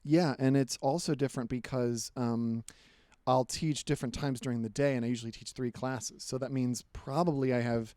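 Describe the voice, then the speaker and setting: A man who is a comedian and teacher, chatting casually as a podcast guest, animated and quick to laugh, with rambling asides. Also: medium pitch, no room sound.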